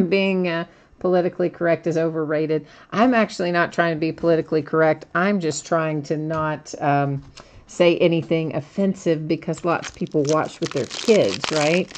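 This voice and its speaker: Low-pitched woman, middle-aged, easygoing card break host; casual, chatty, quick to laugh. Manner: chatty, laughs often, reads out cards and chat. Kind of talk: live stream card break commentary.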